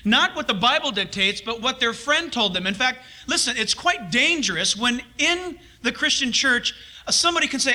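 Bright high-voiced male preacher. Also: animated, normal speed. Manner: emphatic, conversational preaching with rhetorical questions. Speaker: pastor. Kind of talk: sermon.

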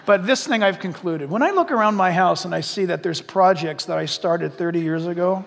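A middle-aged pastor delivers an animated, humorous sermon that drops into hushed asides. His voice sits high, and it is recorded in a church sanctuary with a long, lingering hall reverb. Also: fairly quick, vocal fry, slight background noise.

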